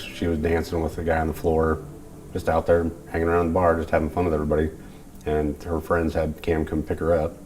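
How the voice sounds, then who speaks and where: Very deep, flat-voiced middle-aged father. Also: a little hiss or hum. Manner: halting, full of restarts and fillers. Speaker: father of a missing woman. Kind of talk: interview.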